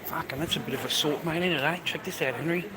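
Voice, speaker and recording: A man's voice: fairly high pitch, quick pace, a crowd in the background, poor audio. A man chatting casually on a live stream as he walks around a shopping area, calling everyone "mate". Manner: chatty, says "mate" often. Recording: street and traffic noise.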